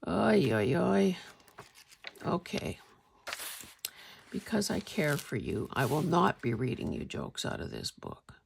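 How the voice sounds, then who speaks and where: A woman vlogger chatting casually about her finds in a wry, meandering way, often clearing her throat. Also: deep voice, wildly swooping pitch, measured pace. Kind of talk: casual show-and-tell chat.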